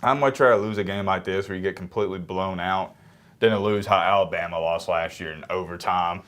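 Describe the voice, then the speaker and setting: A young man with a cold giving casual, low-energy sports commentary to camera, sometimes moving away from the mic. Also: steady tone, a little fast, a bit bright. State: sick, congested. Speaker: sports reaction YouTuber.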